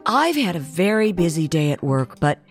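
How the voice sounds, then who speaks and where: A good-humored mom with a dry, teasing edge, lifted into a higher register by a male storybook narrator. Gentle music sits faintly behind the voice. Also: sing-song, moderate pace. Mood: wry.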